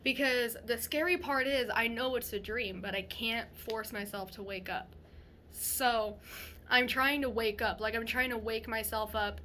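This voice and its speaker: A woman's voice: fairly high pitch, steady tone, unhurried, bright, forceful tone, a little hiss or hum. A young woman vlogging to a phone camera, telling a story casually in a rambling way with many restarts.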